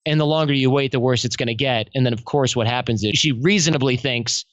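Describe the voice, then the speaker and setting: A man talking as a guest in a casual podcast interview, telling stories in a lively, slangy way. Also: mid-range voice, fast, few pauses, dry recording, dull audio. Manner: animated, slangy storytelling. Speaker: podcast guest, self-development coach.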